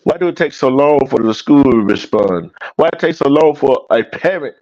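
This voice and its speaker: A man's voice: medium pitch, animated, moderate pace, a little mellow, no room sound. Man rambling on a dull stream line. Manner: rambling, repeats himself, asks questions aloud. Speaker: co-host. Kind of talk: casual chat on a live stream. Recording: dull, dry lo-fi stream audio.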